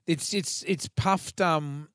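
Swearing Australian bloke on a podcast. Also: male voice, fairly high pitch, slow, a bit bright, clean tone, no room sound, clean studio sound. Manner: swearing, rambling banter. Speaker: podcast co-host. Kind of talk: casual chat.

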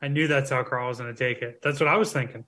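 A man co-hosting a podcast who teases the storyteller and fires off quick questions. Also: medium pitch, fairly even intonation, bright, forceful tone. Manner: teasing, rapid-fire questions. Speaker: podcast co-host. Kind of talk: casual banter.

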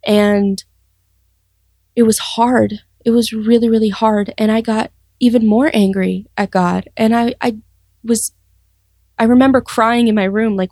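A young woman sharing her life story in an interview, earnest and reflective, often pausing and restarting. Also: on the high side, fairly even intonation, darkish tone, breathy edge, no room sound, studio quality. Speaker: guest sharing testimony. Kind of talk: personal testimony interview.

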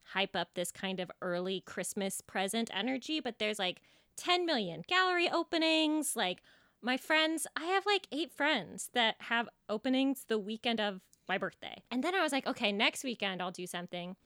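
Woman, podcast co-host, playful casual chat, animated pitch, dry close sound. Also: moderate pace, clean tone, no echo. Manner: playful, chatty, lots of "like".

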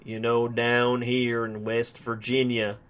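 A man's voice: medium pitch, completely flat delivery, takes it slowly, fairly bright tone, clear, resonant tone. Give me a drawling Southern narrator, folksy and a bit ominous, done by a man. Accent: Southern US (imitated).

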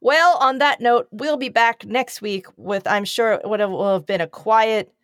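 A woman co-hosting a casual podcast, excitable and quick to blurt things out, with profane jokes. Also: a little high, dry recording, clean studio sound. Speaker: podcast co-host. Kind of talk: casual chat.

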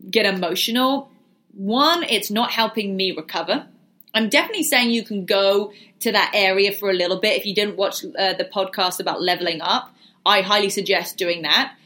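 A young woman who vlogs about fitness and business chats casually in a livestream Q&A, answering viewer questions. Her voice is mid-range with a sharp tone.

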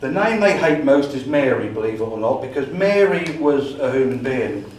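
Englishman at a society meeting, animated storyteller who acts out his own dialogue, heard from far off in an echoey room. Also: mid-range voice, normal speed, slight background noise. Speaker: paranormal investigator giving a talk.

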